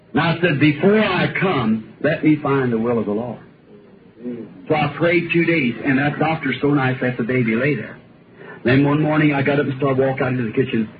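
A man's voice: medium pitch, a little fast. Man preaching folksy over a tinny noisy line. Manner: folksy storytelling preaching with rising emphatic bursts. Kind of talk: sermon. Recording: tinny old recording with noise.

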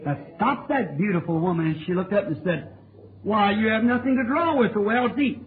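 A man's voice: sits high, brisk. A man preaching a revival sermon in a church, fervent and sing-song, calling for answers from the crowd. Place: church tabernacle. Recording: tinny lo-fi old tape with hiss.

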